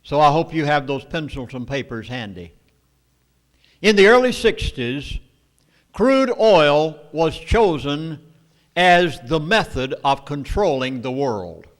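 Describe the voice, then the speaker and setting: A man with a Southern US accent lecturing an audience, emphatic and storytelling, with dramatic pauses. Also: fairly high pitch, expressive. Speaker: speaker at a meeting. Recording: long hall reverb.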